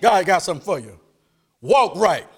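Shouting, high-pitched preacher man. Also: very animated, moderate pace, slightly rough. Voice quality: swings from hushed to shouting, call-and-response. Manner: folksy, laughing asides, asks for amens. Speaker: pastor. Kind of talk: sermon.

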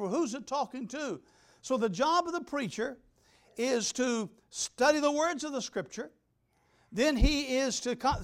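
An older man, a pastor, preaching a sermon emphatically, repeating key words and swinging between loud and soft. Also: very high-pitched. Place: church.

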